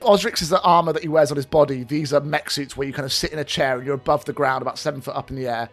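A man narrating a tabletop game as game master in a steady, descriptive way. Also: on the high side, racing, faint music behind.

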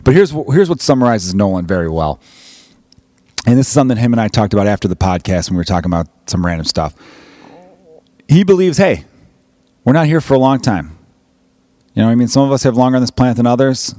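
Casual Chicago podcast host, dry sound. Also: male voice, lowish voice, dark tone, dry recording. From United States. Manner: rambling, profane, joking.

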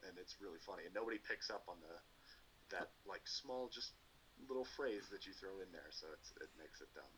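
Man, very deep voice, bright forceful tone, casual podcast co-host, rambling, faint hiss. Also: fairly quick, rough recording. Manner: rambling, animated explanations with acted-out quotes. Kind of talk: casual chat.

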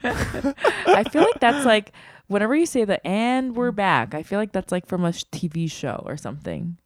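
A woman's voice: mid-range voice, sing-song, normal speed, dry recording. Chatty woman co-host, dry close sound. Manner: chatty, heartfelt, many "like" fillers. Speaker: podcast co-host. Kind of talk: casual podcast chat.

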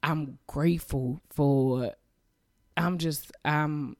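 A woman's voice: extremely low pitch, steady tone, slow, creaky, no room sound, clean studio sound. A woman hosting a podcast, giving a heartfelt, emotional, faith-based message of encouragement. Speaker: podcast host.

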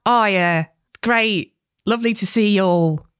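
A woman's voice: mid-range voice, measured pace, clean tone, dry recording, clean studio sound, close to an everyday voice. A woman putting on a gushing South London lady. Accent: South London, put on. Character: chatty South London woman, book club guest.

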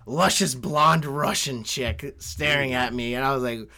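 A young man telling a story in casual chat, swearing often, laughing and getting animated. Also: medium pitch, unhurried.

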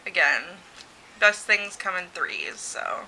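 A woman in casual chat, reacting with quick giggly remarks, her speech a little altered by a freshly pierced tongue. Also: medium pitch, sing-song, vocal fry, bright, forceful tone, slight background noise, poor audio.

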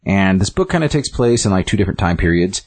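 A man's voice: low voice, very animated, fast, a little mellow, no room sound. A man who reviews comic books and rambles casually, full of likes and ums. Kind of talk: casual chat.

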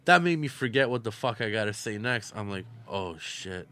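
A man's voice: mid-range voice, brisk, fairly bright tone. A man, a battle rapper, tells crude, boastful stories in casual chat at a bar. He swears freely and laughs often.

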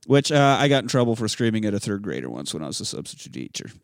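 A man casually recapping a movie with a co-host, profane and animated, acting out characters in sudden shouted voices. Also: lowish voice, fast talker, gravelly, no room sound, clean studio sound. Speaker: podcast co-host.

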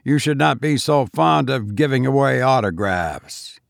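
A man's voice: animated, a little slow, vocal fry, dry recording, studio quality. A man voicing a stern, short-tempered man who speaks bluntly and with restraint. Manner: blunt, curt, low and restrained.

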